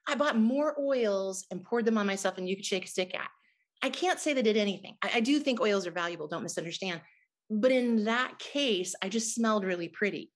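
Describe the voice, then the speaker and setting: A middle-aged woman, a guest in an interview, telling a personal testimony in an earnest, emotional way. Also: medium pitch.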